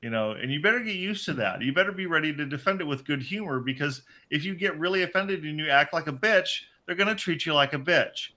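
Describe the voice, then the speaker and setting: Bright high-voiced profane man. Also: expressive, fast talker, few pauses. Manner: loud, profane, laughing storyteller. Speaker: podcast co-host. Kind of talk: casual crude podcast banter.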